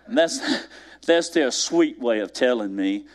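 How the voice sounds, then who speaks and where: Male preacher, conversational sermon delivery, wide dynamic swings down to near-whispers. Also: medium pitch. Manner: conversational, addresses the congregation directly. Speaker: pastor.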